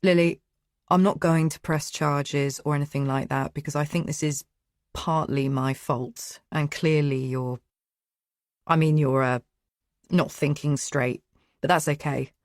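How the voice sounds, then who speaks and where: A woman's voice: low voice, steady tone, unhurried, no room sound, clean studio sound. A woman narrator voicing an angry young male neighbour, blunt and swearing. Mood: coaxing, calmer. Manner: shouting, sweary, then coaxing.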